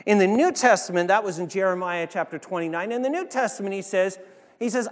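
A man preaching a sermon as pastor, swinging between loud emphatic peaks and hushed low passages, with frequent restarts. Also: fast talker, long reverb tail.

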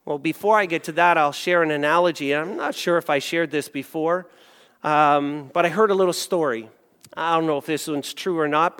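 Animated high-voiced male preacher. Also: in a large hall. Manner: animated storytelling, acts out voices. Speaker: pastor. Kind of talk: sermon.

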